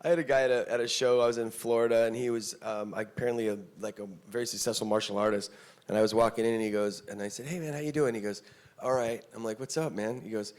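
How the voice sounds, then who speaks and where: Fast-talking man swapping panel anecdotes. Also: medium pitch, steady tone. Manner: chatty, quoting exchanges, many "you know"s. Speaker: actor on convention panel. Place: convention panel stage.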